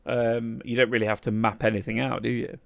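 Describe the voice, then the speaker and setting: A man's voice: mid-range voice, little pitch movement, brisk, gravelly, no room sound, studio quality. A man, co-hosting a casual chat podcast and rambling through stories with laughs. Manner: rambling, laughing, acts out quoted voices. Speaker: podcast co-host.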